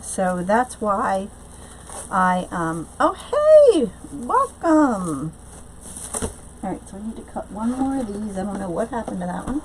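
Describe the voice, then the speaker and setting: A woman of middling pitch hosts a live craft tutorial, talking loosely and chattily. She answers viewers' comments as they come in and pads her talk with fillers and restarts. A faint hiss sits under her voice. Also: expressive, measured pace, low-quality recording. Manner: frequent fillers and trailing restarts. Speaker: craft channel host.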